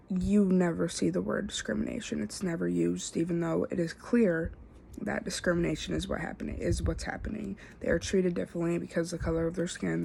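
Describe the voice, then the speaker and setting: Young female student, low and gravelly, stumbling through an informal self-assessment with light hiss behind. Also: mellow. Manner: halting, filler-heavy, self-correcting. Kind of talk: casual spoken self-assessment.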